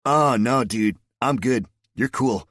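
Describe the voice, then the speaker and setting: A man voicing a relaxed young male soldier who talks like a surfer dude. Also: medium pitch, moderate pace, no echo, clean studio sound, voice pushed up, close to an everyday voice. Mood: laid-back.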